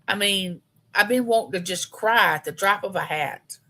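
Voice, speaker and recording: A woman's voice: medium pitch, normal speed, fairly bright tone. A woman, chatting homily and directly with viewers on a casual live stream. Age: 50s. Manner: chatty, homey, talks straight to her viewers.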